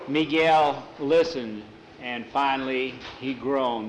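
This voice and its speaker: A man's voice: mid-range voice, normal speed, reverberant, slight background noise, poor audio. A man narrating a folk tale aloud in a conversational way, often repeating "he said" and doing the characters' voices. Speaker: storyteller.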